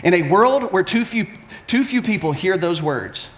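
A man preaching a sermon with passion, swinging between loud urging and quiet intensity. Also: sits high, lively intonation, normal speed, reverberant. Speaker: pastor.

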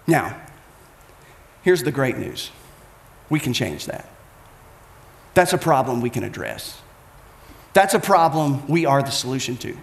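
A man preaching a sermon with passion, swinging between loud urging and quiet intensity. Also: medium pitch, very animated, a little slow, pauses often, echoey room. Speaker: pastor.

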